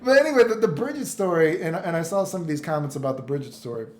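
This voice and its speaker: A man's voice: a little high, animated, fast talker. A man ranting in casual commentary, exasperated, stumbling over restarts and swearing. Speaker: commentary vlogger. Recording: echoey room, faint noise.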